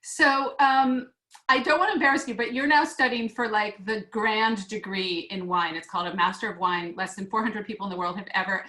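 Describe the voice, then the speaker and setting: A woman's voice: on the high side, a little fast, sharp tone. An American woman hosting an online class interview, chatty and friendly with lots of fillers, on a video call. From United States. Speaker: host. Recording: echoey room.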